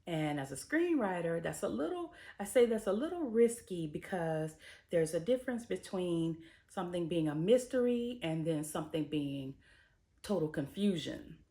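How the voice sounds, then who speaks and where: A woman's voice: lowish voice, lively intonation, normal speed, dark tone. A woman reviewing a TV episode from a screenwriter's point of view, chatting casually with lots of "um" and "you know" as she weighs the craft choices. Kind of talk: casual spoken episode recap and commentary.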